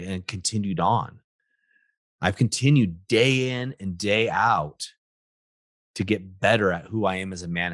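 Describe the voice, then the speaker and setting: Brief: husky-voiced male coach, lively swooping delivery, punchy motivational monologue. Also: deep voice, no room sound, studio quality. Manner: animated, emphatic, repeats "right?" and "guys". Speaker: podcast host, relationship coach.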